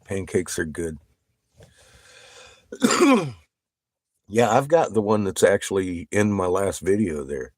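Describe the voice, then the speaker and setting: A man chatting casually with viewers on a livestream. He swears constantly, gets excited and laughs often. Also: low voice, slow, long pauses, no echo.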